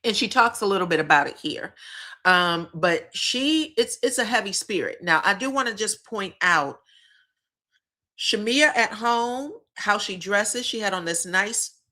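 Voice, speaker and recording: A woman hosting a casual reality TV recap, talking straight to her viewers. She is animated and profane, laughs often, and acts out the people she describes. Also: medium pitch, measured pace. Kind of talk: casual gossip commentary.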